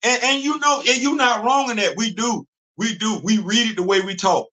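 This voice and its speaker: A man's voice: high-pitched, normal speed, bright, forceful tone. A man, hosting a casual livestream and talking in an emphatic, repetitive way, often laughing. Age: 50s. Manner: emphatic, preachy, repeats phrases, laughs often. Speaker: livestream host. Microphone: computer mic on a streaming setup.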